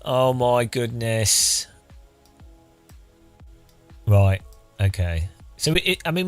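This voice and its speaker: Man on a live stream, wry and self-mocking, slow unhurried speech, close studio mic, faint music underneath. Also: medium pitch, lively intonation. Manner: rueful, joking, counting into the mic. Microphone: close studio microphone.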